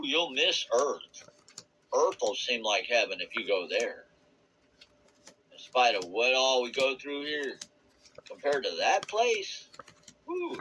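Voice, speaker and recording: A man giving a rambling, earnest personal testimony about a spiritual experience. He searches for words and laughs softly now and then. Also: mid-range voice, a little hiss or hum, poor audio. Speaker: vlogger sharing a spiritual experience.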